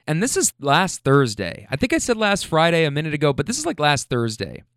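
A man's voice: on the high side, huge pitch swings, brisk, a bit bright, clean tone, no echo, clean studio sound. A young man ranting in a profane, self-deprecating casual monologue. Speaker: storyteller.

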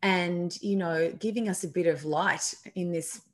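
A woman co-hosting a community radio show, chatting in an upbeat, lively way. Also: fairly low pitch, measured pace. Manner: upbeat, chatty, laughs often. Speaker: radio co-host.

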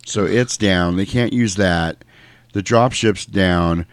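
A low-voiced man casually retelling a movie's plot, animated and acting out the characters as he goes. His voice is recorded close and dry, with no room sound. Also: slow, dry recording. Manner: animated, acts out quotes. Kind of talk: casual film recap chat.

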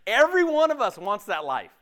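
A man preaching a sermon in a conversational, animated way, often acting out imagined voices. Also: sits high, brisk.

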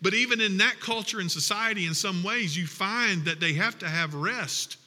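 Bright-voiced male pastor preaching in a reverberant hall. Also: high-pitched, moderate pace. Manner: preaching with rising emphatic passages and humorous asides. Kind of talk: sermon.

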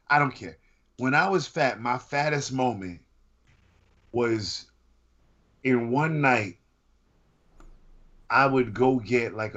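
A man's voice: mid-range voice, fairly bright tone. A man in casual podcast chat who fires off incredulous questions. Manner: incredulous, rapid-fire questions. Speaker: podcast co-host. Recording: dull lo-fi sound.

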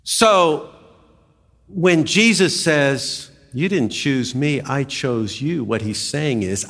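A man preaching a sermon as a pastor, emphatic and animated, with dramatic swings in pitch. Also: slow. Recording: long hall reverb.

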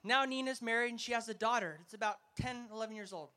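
A man's voice: very high voice, fast talker, bright, forceful tone. Rousing man preaching a sermon. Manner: emphatic, rousing, storytelling delivery. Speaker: evangelist preacher. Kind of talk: festival sermon.

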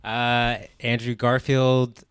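A man's voice: medium pitch, monotone, slow, fairly bright tone, smooth, dry recording. A man in a casual film chat, speaking in a laid-back, hesitant way with many fillers.

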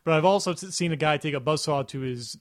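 Male podcast co-host, slightly raised pitch, rambling casual talker, dry recording. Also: fast, dry recording. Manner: rambling, with frequent restarts. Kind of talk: casual chat.

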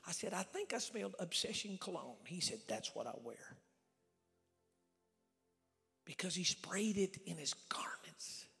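A man preaching a storytelling sermon as a traveling evangelist, swinging between loud shouts and hushed whispers, recorded live in a church. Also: high-pitched, animated, normal speed, vocal fry, few pauses. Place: church sanctuary with reverb. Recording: live church recording with long reverb and faint music.

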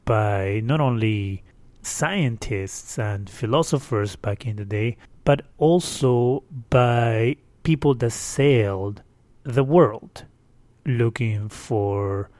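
On his casual solo podcast, this man rambles slowly with plenty of fillers, sounding chatty yet exasperated. His voice sits at medium pitch and is a little mellow. He records without echo on a distorted, windscreened home mic.

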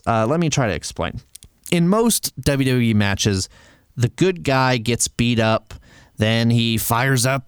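A man's voice: medium pitch, clear, resonant tone, no echo, studio quality. A man hosting a solo wrestling commentary show, passionate and argumentative, with sarcastic asides. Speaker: wrestling podcast host.

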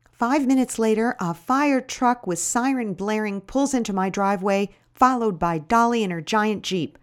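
Woman storyteller, lively and dramatic, pitch jumping a lot, reads with urgency. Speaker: storyteller and radio host. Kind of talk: first-person story narration.

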